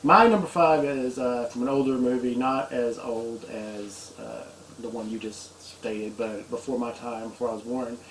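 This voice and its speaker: Easygoing man, echoey room. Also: medium pitch. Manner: relaxed, hesitant, with many "uh" pauses and easy laughs. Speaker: co-host. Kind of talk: casual chat. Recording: echoey room with faint hiss.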